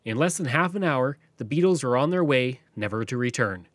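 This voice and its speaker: A man hosting a podcast, narrating history from a script in a lively storytelling way. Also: mid-range voice, a little fast, dry recording. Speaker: podcast host.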